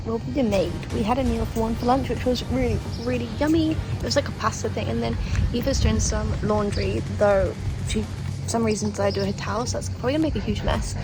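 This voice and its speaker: Here a young travel vlogger with a fairly high, quick voice holds her phone while wandering outdoors and around her hotel room, laughing a lot in easy conversation. The audio is poor, and music plays beneath her.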